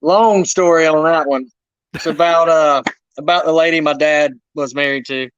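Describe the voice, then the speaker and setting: A man being interviewed, telling animated wrestling-road stories in casual chat with playful humor. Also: fairly high pitch, normal speed, clear, resonant tone, dry recording. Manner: animated storyteller, self-deprecating humor. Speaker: wrestler guest. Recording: dull lo-fi dry sound.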